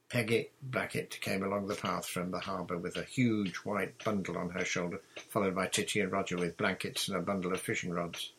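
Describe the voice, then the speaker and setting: A man narrating a children's adventure novel in a measured, plain reading style. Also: low-pitched, fairly even intonation, a bit bright, slightly rough, rough recording. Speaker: audiobook narrator. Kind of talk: storybook reading.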